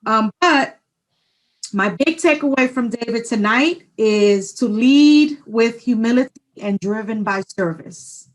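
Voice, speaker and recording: A woman's voice: fairly high pitch, a little slow, rough recording. Emotional woman from New York. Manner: emotional, with soft laughs. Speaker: podcast co-host, former educator. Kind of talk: casual podcast chat.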